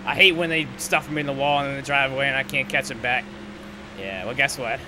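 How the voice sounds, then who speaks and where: A man's voice: mid-range voice, quick pace. Cursing man over roaring race engines. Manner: profane, exasperated ranting. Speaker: gaming commentator. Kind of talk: live gameplay commentary. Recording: loud game engine noise underneath.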